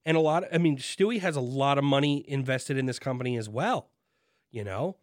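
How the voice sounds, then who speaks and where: A man co-hosting a casual chat, animated and jokey, acting out quotes from the show. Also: mid-range voice, fairly quick, dry recording, clean studio sound. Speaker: podcast co-host.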